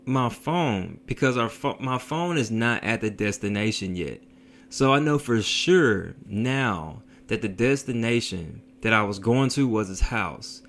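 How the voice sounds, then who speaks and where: A man telling a story in a casual vlog, in a slangy, profane, animated way. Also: mid-range voice.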